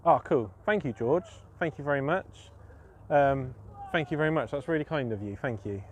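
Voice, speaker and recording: A man's voice: medium pitch, normal speed, slight background noise. A man chatting casually on his fishing live stream as host, self-mocking and full of fillers and restarts.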